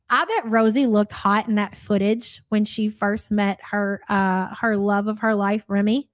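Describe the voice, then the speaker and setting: A woman's voice: mid-range voice, steady tone, measured pace, few pauses, dry recording, clean studio sound. A woman with a Louisville accent hosting a live reaction stream, blunt, sarcastic and profane, reading chat messages aloud. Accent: Louisville Kentucky. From Louisville area, USA.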